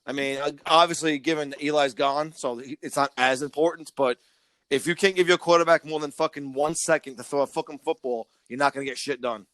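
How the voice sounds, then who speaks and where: A man's voice: on the high side, fairly even intonation, fairly quick, fairly bright tone, no room sound. A man co-hosting a casual podcast, ranting with lots of swearing and stammering on restarts. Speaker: podcast co-host.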